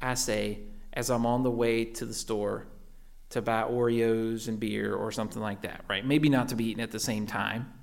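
A man who is a parent of a young child, preaching a sermon in a conversational way, often tagging "right?" onto his points and moving between raised emphasis and hushed asides. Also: fairly low pitch, steady tone, moderate pace, creaky. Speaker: pastor.

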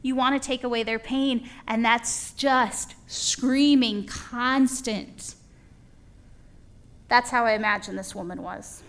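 Animated woman preaching a folksy sermon. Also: on the high side, slow pace. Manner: folksy and animated, acts out little dialogues. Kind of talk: conversational sermon.

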